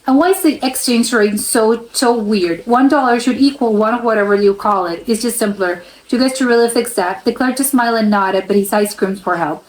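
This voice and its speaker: A woman's voice: a little high, a little fast, hardly any pauses, reverberant, rough recording. A woman from the United States hosting a reaction video, reading posts aloud and adding chatty, laughing asides.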